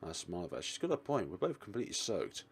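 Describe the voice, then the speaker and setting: A man's voice: low voice, very animated, quick pace, creaky, darkish tone, a little hiss or hum. A man hosting a let's play, reading a visual novel in first person and voicing the protagonist with a dry, wry manner.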